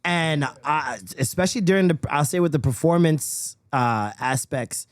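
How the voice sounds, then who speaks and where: A podcast co-host in loose, animated chat, jumping in quickly and laughing often. His voice sits on the higher side for a man. The sound is dry and close. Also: no room sound. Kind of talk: casual chat.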